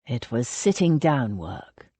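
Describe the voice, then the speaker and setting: Woman putting on a gruff, curt naval officer. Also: very animated, takes it slowly, mellow, dry recording, heavily acted. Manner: curt, clipped, low. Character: gruff guarded young naval officer man.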